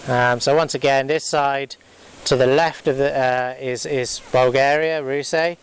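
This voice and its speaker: A man's voice: mid-range voice, steady tone, unhurried, smooth, rough recording. A man giving casual, rambling commentary outdoors while flying a drone, with lots of fillers and restarts. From United Kingdom. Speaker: drone vlogger. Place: outdoors by a river.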